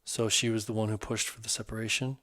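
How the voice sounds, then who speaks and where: A man voicing a soft-spoken, supportive male teacher who speaks gently and reassuringly. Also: lowish voice, flat delivery, quick pace, no echo, studio quality, natural voice. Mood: calm, caring.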